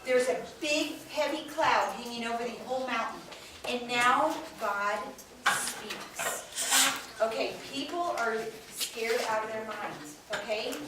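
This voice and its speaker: A woman telling a Bible story to children with lively expression, quizzing them as she goes. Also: on the high side, a little slow. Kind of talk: animated Bible lesson for kids. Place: classroom with children. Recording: echoey room, far from mic, noisy.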